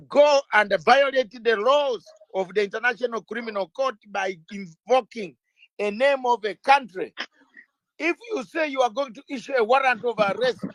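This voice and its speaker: A man's voice: very high voice, a bit bright, no room sound. A man speaking as an interview guest, emphatic and combative, firing rhetorical questions, sometimes stumbling and restarting words. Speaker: interview guest, legal campaigner. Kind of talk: impassioned interview talk.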